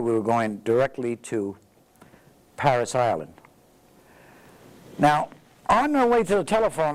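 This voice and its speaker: An elderly veteran in his 80s from the Bronx, New York, tells his story in an interview, his voice slightly high. He's a lively storyteller who acts out the dialogue, and the recording is rough.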